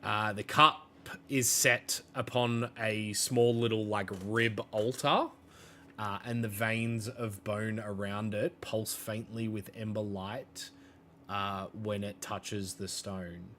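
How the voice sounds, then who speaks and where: A man's voice: fairly low pitch, fairly even intonation, takes it slowly, sharp tone, a little hiss or hum. A man narrating a tabletop game as game master, hesitant with frequent fillers. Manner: hesitant, many fillers and restarts.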